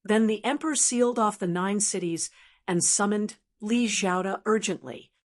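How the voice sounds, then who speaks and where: A woman's voice: mid-range voice, normal speed, close to an everyday voice. A woman voicing a loyal male confidant who reports news plainly in an audiobook. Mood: dutiful.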